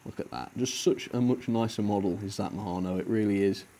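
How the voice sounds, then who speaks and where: A man's voice: fairly low pitch, a little fast, mellow. Chatty British man reviewing model trains. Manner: chatty, laughs often, blunt opinions. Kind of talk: casual video review.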